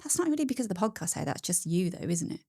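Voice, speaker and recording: A woman's voice: lowish voice, big pitch swings, rapid-fire, vocal fry, a little mellow, slightly rough. A woman in her fifties, a podcast guest who reads a review aloud and chats in a self-deprecating way. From United Kingdom. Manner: self-deprecating, laughs often. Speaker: podcast guest, tax specialist. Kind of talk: casual chat, reading a review aloud.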